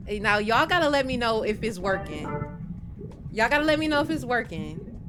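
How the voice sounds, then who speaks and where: A woman streaming a game live, chatting casually with her viewers and swearing now and then. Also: on the high side. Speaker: gaming streamer. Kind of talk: live gameplay commentary. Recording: game music under voice. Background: game music.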